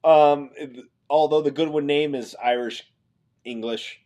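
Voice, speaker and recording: A man's voice: on the high side, steady tone, unhurried, dark tone. Joking, chatty male livestream host. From Nebraska. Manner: joking, chatty, reads chat aloud. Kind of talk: casual livestream chat.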